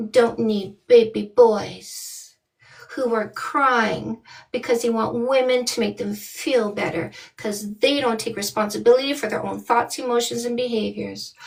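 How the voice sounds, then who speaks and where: A woman's voice: fairly high pitch, vocal fry. A woman from Canada, a dating coach, ranting on a livestream in a blunt, mocking and profane way. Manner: scolding, with many rhetorical questions. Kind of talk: livestream rant.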